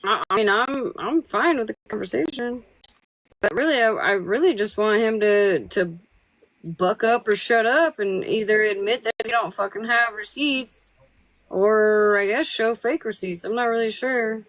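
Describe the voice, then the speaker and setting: A woman's voice: mid-range voice, measured pace, fairly bright tone, no echo, low-quality recording. A woman hosting a casual livestream chat, blunt and given to repeating herself, now and then swearing. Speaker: livestream host.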